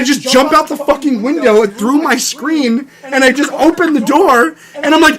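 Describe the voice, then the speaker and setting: A man's voice: very high-pitched, normal speed, few pauses, crowd noise. A man casually telling rambling stories on a podcast, full of "like" fillers, acting out the people in them. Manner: rambling, heavy "like" filler, acts out voices in stories. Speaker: podcast co-host. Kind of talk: casual storytelling chat.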